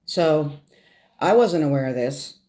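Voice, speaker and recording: A middle-aged woman telling a personal story on her vlog, fighting back tears, halting and repeating words as she speaks. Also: sits low, expressive, dark tone. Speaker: vlogger. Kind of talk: emotional story time.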